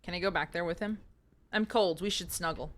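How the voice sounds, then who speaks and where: A woman's voice: on the low side, brisk, a bit bright. A young woman streaming a horror game, chatting playfully and joking with her viewers. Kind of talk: casual live game commentary.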